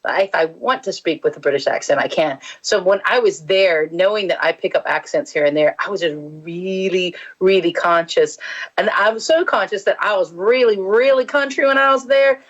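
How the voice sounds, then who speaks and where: A woman's voice: on the low side, moderate pace, muffled recording. A woman from Texas with a Texan accent, telling travel stories as a guest in a casual interview, chatty and bubbly, with lots of fillers and restarts. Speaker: musician guest.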